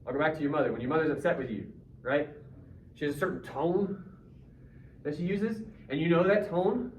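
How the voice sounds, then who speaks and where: A male high school English teacher, his voice a little high and darkish in tone, speaks briskly as he jokes around and quizzes his students in a casual discussion. The recording comes from far off in a roomy classroom and sounds dull, with faint noise.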